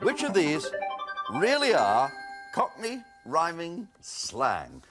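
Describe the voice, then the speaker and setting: Over loud music and other background noise in a TV broadcast, a man with a fairly high voice hosts a quiz show slowly. He reads the answers with lively, punning wit, dropping quips along the way.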